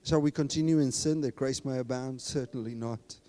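A man preaching a sermon, talking casually and then building up to loud, emphatic exhortation. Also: mid-range voice, steady tone, a little fast. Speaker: pastor. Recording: long reverb of a large hall.

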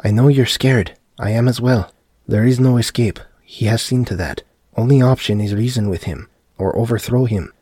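A man voicing a frightened uncle and father who speaks in a hushed voice with broken English in a dark audiobook story. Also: mid-range voice, moderate pace, husky, no room sound, clean studio sound, close to an everyday voice. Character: shaken older uncle, protective husband and father.

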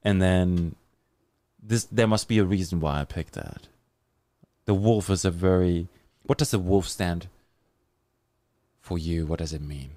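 A man with a German accent hosts a live podcast in a low, dark-toned voice, speaking unhurriedly with long pauses on a dry recording. He reads sponsor spots and chats with a guest in an upbeat, hyping way.

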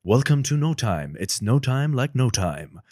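A man putting on a dramatic male movie trailer announcer voice, slow and grand. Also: medium pitch, very animated, a little mellow, no room sound, studio quality, voice pushed up.

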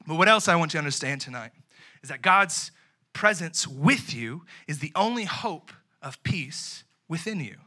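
A young man delivers a sermon in an easygoing, chatty way, sprinkling in slang and playing out little scenes. His voice sits a bit high and rings bright and forceful. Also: moderate pace. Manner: animated, conversational preaching with slang and acted-out asides. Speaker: youth pastor.

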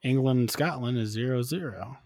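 A man's voice: medium pitch, brisk, darkish tone, no room sound, studio quality. A man in casual podcast chat, blunt and crude, often dismissive.

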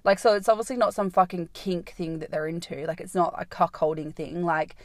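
A woman's voice: on the low side, fairly quick, dry recording. Swearing young woman telling a story. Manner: rambling, heavy "like" fillers, frequent swearing. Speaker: podcast host. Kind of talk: casual storytelling monologue.

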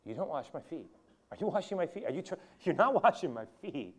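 A man's voice: a little high, big pitch swings, quick pace, slightly rough, pitched above the performer's own voice. Man doing an indignant disciple, stubborn, insistent, repeating himself, sermon retelling. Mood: protesting. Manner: insistent, protesting, repeats his refusals.

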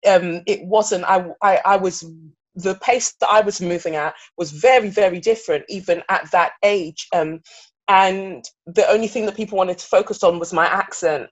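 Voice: mid-range voice, moderate pace. A guest in their thirties from England, speaking earnestly and reflectively in an interview, often restarting sentences. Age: 30s. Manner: earnest, searching, with frequent restarts. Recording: slightly dull recording.

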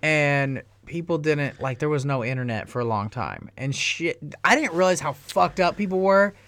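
A man's voice: on the high side, expressive, normal speed, a bit bright. A man in a casual podcast chat who rambles, swears and often laughs.

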